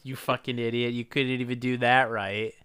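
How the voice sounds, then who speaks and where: A man's voice: medium pitch, flat delivery, normal speed, bright, forceful tone, clean tone, no echo, studio quality. A man co-hosting a podcast, recapping a movie in casual, profane banter, laughing often and searching for words mid-sentence. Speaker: podcast co-host.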